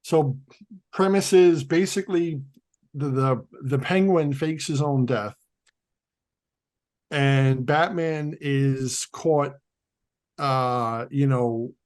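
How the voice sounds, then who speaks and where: A man's voice: mid-range voice, slow pace, long pauses, darkish tone. A man co-hosting a casual chat about comics, rambling with restarts and lots of "like". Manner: rambling, restarts, many likes. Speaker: co-host.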